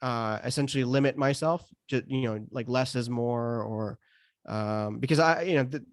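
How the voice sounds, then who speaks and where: A man's voice: medium pitch, normal speed, no room sound. Thirties American male comic, conversational podcast guest, stops and restarts a lot, dry close sound. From United States. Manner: hesitant, many restarts and fillers. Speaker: stand-up comedian guest.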